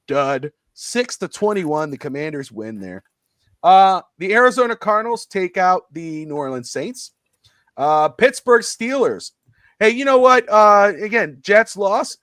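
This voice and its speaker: A high-pitched, excitable middle-aged man hosting a live sports talk show. He rambles eagerly and laughs often. His voice sounds close and dry. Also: a little slow, no room sound.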